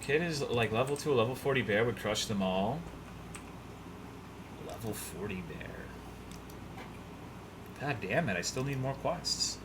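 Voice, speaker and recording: A man's voice: mid-range voice, moderate pace, hardly any pauses, heavy background noise. A young man streaming a game, chatting loosely and profanely, rambling and reading chat messages aloud. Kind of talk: casual gaming stream chat.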